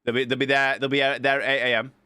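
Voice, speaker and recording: A man, a streamer casually telling a long story and acting out the dialogue with lively energy. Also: medium pitch, quick pace, smooth, no echo. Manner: animated, acts out quoted dialogue.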